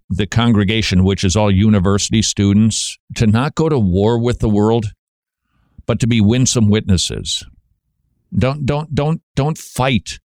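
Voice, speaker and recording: A man's voice: on the low side, darkish tone, no room sound, clean studio sound. A man hosting a talk radio show, delivering a monologue full of wry, joking asides.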